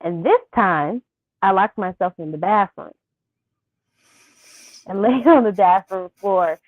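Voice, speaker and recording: Soft-spoken woman on a thin phone-like line. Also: mid-range voice, no echo. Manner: soft-spoken, halting with fillers. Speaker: guest. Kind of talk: interview, personal story.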